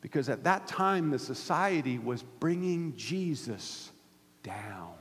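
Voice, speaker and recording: A man preaching a sermon as pastor, swinging from loud emphatic peaks to hushed near-whispers. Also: fairly high pitch, lively intonation, measured pace. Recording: hall reverb.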